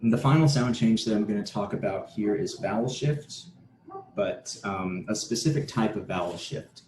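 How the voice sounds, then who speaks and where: A man's voice: fairly low pitch, warm tone. A man giving an academic conference talk, explaining steadily and restarting a word now and then. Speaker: conference presenter. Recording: echoey room with faint noise.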